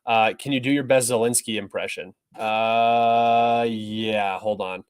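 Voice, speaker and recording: A man's voice: on the low side, steady tone, takes it slowly, smooth. A young man hosting a livestream, talking through news articles in an offhand, rambling, opinionated way. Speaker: livestream host. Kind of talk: casual livestream news commentary.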